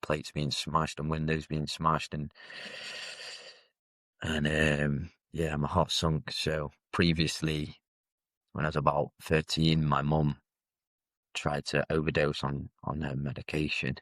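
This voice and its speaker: Man in his 30s, guest storyteller, very low and level voice, dry close sound, halting and reflective. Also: completely flat delivery, a bit bright, no echo. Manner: reflective, halting, with frequent fillers and restarts. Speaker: podcast guest. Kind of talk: candid personal storytelling.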